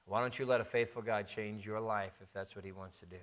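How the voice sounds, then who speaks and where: Low-voiced man preaching a sermon. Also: steady tone, fast talker, fairly bright tone. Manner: emphatic repetition of key phrases. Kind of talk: sermon with storytelling and prayer.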